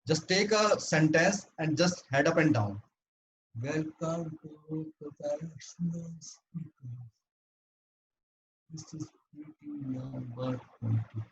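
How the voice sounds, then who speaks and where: A man with a voice on the high side gives a prepared club talk on voice training, earnest and instructive, laying it out in numbered steps. The audio is poor, with faint background noise.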